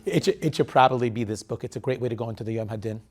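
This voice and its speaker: A man moderating a panel discussion in an ordinary mid-pitched voice. He speaks haltingly, restarting words as he invites the others to share.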